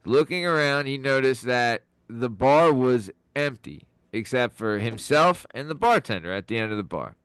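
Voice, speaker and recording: A man's voice: medium pitch, lively intonation, moderate pace, hardly any pauses, fairly bright tone, clean tone, no echo, studio quality. A man co-hosting a podcast, telling long jokes in casual chat and often laughing at his own lines. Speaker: podcast co-host.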